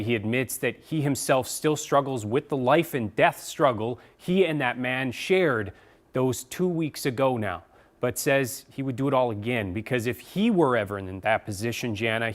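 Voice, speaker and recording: A man's voice: mid-range voice, normal speed. A male news reporter speaking conversationally in a live studio news segment. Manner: conversational, explanatory.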